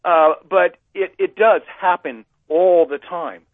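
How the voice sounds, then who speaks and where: A man's voice: sits high, slow pace, no room sound. Man telling a story over a tinny phone line. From United States. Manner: rambling, many fillers and restarts. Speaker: guest speaker. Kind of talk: conversational storytelling.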